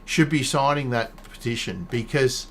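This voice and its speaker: A man's voice: mid-range voice, lively intonation, normal speed, slight background noise. A man hosting a casual online chat show, talking in a rambling way, laughing often and restarting his sentences. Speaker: podcast host. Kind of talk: casual video-call chat.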